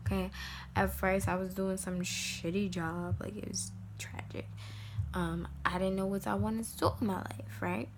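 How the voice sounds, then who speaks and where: A woman's voice: medium pitch, level tone, normal speed, noisy background. A young woman giving casual life advice to the camera, emphatic and repetitive, sometimes dropping to a whisper. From United States. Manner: emphatic, repeats lines, dips into whispers.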